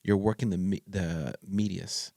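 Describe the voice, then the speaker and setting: A man hosts a casual podcast interview, chatty and excitable, full of restarts and slang. His voice sits on the low side. The recording is dry and close, with no room sound. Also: unhurried, vocal fry, no echo. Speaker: podcast host.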